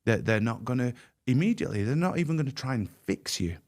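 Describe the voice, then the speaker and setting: A man's voice: mid-range voice, very animated, fast talker, darkish tone. A man speaking as a podcast guest, earnest and emphatic, often repeating words as he goes. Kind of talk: candid podcast conversation.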